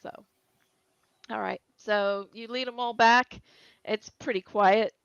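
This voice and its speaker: A woman's voice: fairly high pitch, steady tone, takes it slowly, vocal fry, clear, resonant tone, no echo. A woman narrating as game master of a tabletop game, hesitant with many fillers, on a dry lo-fi recording.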